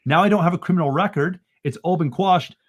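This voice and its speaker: Animated Canadian man telling a story. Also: high voice, fast talker, dull audio. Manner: animated, rising into excited bursts. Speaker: guest. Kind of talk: storytelling in a podcast conversation.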